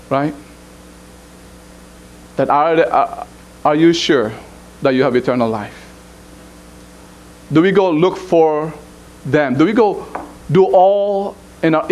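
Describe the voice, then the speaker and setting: A man preaching a sermon as pastor, prompting the congregation to finish his lines and rising into urgent pleading. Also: poor audio. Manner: rises to high, urgent pleading.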